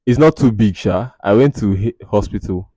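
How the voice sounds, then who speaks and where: A man's voice: on the low side, moderate pace, mellow, dry recording. A Nigerian man hosting a podcast, reading out anonymous confessions in casual commentary with wry, mocking asides and Pidgin phrases. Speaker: podcast host.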